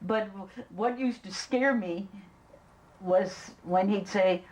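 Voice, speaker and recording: Older woman interviewee, chatty and halting, middle pitch. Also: a little mellow, slight background noise, low-quality recording. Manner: halting, repeats words, chatty storytelling. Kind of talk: reminiscing interview.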